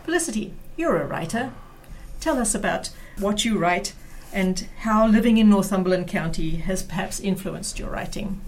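A woman's voice: medium pitch, expressive, normal speed, darkish tone. A woman hosting an interview, asking a writer questions in a friendly, encouraging way. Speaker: radio show host.

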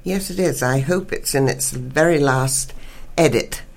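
Soft-spoken canadian woman writer, measured, reads her story aloud. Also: rumbling low, vocal fry. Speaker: writer and guest. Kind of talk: interview and reading aloud.

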